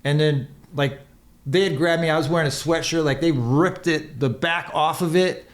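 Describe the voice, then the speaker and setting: A man's voice: a little high, normal speed. A man who is a podcast guest and former motocross racer, telling a long, rambling, profane story in casual chat and acting out the quotes.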